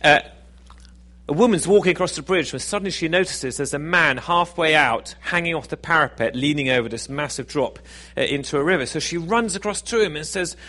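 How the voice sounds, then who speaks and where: A man's voice: on the high side, fairly quick, bright, forceful tone. A man preaching a sermon in a conversational, self-deprecating, jokey way.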